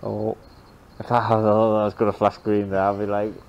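A man's voice: on the low side, monotone, moderate pace, a little mellow, highs cut off, a little hiss or hum. A man on a ghost hunt outdoors, challenging and urging spirits to give a sign. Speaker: paranormal investigator. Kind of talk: ghost-hunting field chat. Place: outdoors at abbey ruins.

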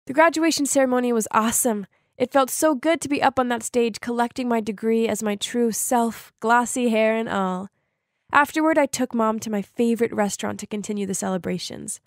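Woman, fairly high voice, dry close recording, confessional storytelling narrator. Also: normal speed, dry recording. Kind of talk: first-person animated story narration.

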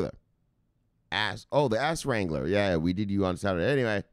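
Profane, hyped man, deep and gravelly. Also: lively intonation, measured pace, no room sound, clean studio sound. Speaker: crypto news host. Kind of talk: casual chat, live market commentary.

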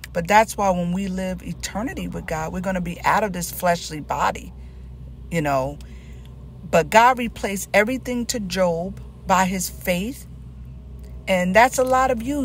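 A woman's voice: medium pitch, slight background noise. A middle-aged woman with a Southern US accent, giving an informal sermon with emphatic repetition. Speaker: Christian teacher.

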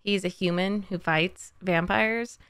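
A young adult woman hosting a casual reaction chat, gushing as an excitable fan. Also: mid-range voice, slow, clean tone. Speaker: host reacting to a game trailer.

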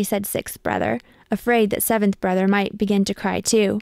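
A woman reading a picture book aloud with measured, expressive storytelling. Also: mid-range voice, vocal fry, no echo, studio quality. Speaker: storybook reader.

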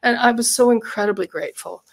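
A woman's voice: a little high, fast, vocal fry. A middle-aged woman, a retired psychotherapist and coach, speaking earnestly and reflectively in an interview, sharing a personal story. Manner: earnest, reflective, repeats words while thinking.

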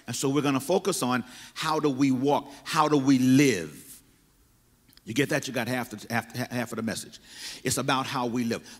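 Male pastor, mid-pitched, preaching an emphatic, repetitive sermon, church hall reverb. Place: church sanctuary.

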